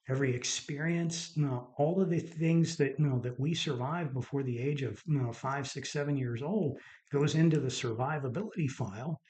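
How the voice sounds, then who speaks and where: A man's voice: a little high, a little mellow. A middle-aged man, a doctor hosting his own podcast, tells stories in an earnest, casual monologue and repeats words for emphasis.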